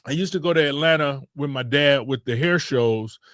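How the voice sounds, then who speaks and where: A Detroit man hosting a podcast recounts a road trip in an easygoing, wandering way, frequently fixing what he just said. His voice is medium in pitch, a bit bright, and at a normal speed, captured as clean studio audio without room sound.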